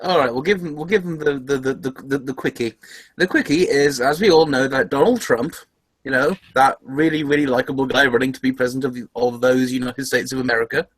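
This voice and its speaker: A man's voice: mid-range voice, a little fast, no echo, rough recording. A man hosting a casual podcast chat, laughing often and stumbling over restarts. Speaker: podcast host.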